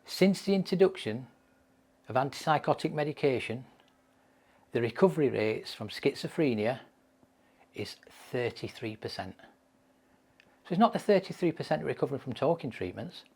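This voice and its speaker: A man's voice: medium pitch, expressive, moderate pace, long pauses, darkish tone, breathy edge. A man giving a mental health training lecture, telling case stories with emphatic repetition.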